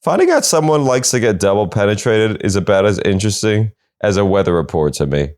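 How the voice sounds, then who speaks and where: A man's voice: deep voice, fairly quick, hardly any pauses, a little mellow. A man hosting a comedy podcast, reading odd news stories and cutting in with sarcastic quips. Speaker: podcast host.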